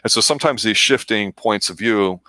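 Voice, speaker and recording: A man with a deep, low voice talks through a show on a casual review podcast. He is measured and analytical, and the recording is dry and close. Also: pushed and bright, no echo. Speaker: podcast co-host.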